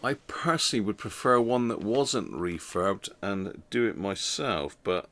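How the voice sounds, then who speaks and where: Low-voiced man tinkering and musing. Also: expressive, measured pace, a bit bright. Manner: thinks aloud, low-key, trailing off with fillers. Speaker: radio repair channel host. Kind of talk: casual chat while repairing, answering viewers.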